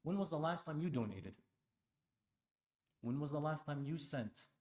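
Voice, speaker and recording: A man preaching a sermon at an Islamic center, impassioned, dropping to a hush and then rising loud, firing rhetorical questions at the congregation. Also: fairly high pitch, lively intonation, moderate pace. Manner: impassioned, swings between hushed and loud; asks the audience pointed rhetorical questions. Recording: echoey hall.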